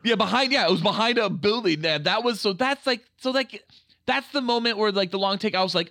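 A male podcast host chats about a movie in an animated, joking way and swears freely. His voice sits fairly high and sounds bright and forward. The recording is close and dry. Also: brisk, no echo. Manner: animated, profane, jokey. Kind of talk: casual film review chat.

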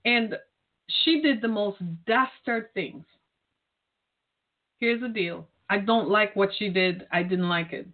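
A woman's voice: mid-range voice, takes it slowly. A middle-aged woman speaking earnestly and directly to caregivers, repeating her key phrases as she urges and encourages them. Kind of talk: heartfelt direct-address talk. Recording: tinny phone-like line.

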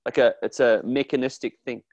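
A man's voice: mid-range voice, fairly even intonation, a little fast, darkish tone, no echo. Earnest man in dry close-up. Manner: earnest, acts out quoted voices, many restarts. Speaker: therapist guest. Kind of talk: casual conversational interview.

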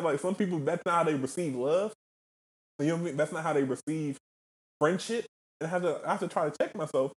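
A man co-hosting a casual podcast, laid-back and rambling, with profane slang. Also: high voice. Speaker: podcast co-host.

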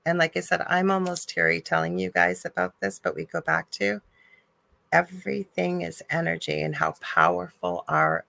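Woman co-host, very gravelly voice, dry close sound, emotional storyteller. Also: low voice, fairly bright tone, dry recording. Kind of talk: live call-in chat.

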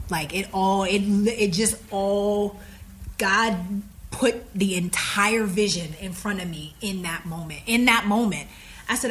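Animated woman telling a story. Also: moderate pace, slight background noise. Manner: animated, acts out quoted dialogue with big pitch jumps; frank, swears casually. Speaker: podcast guest. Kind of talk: casual storytelling in an interview.

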